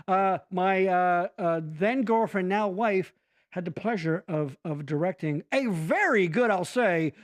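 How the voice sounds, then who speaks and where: A man hosting a casual podcast chat, rambling and swearing freely as he jumps from thought to thought. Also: high-pitched. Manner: animated, profane, rambling. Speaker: podcast host.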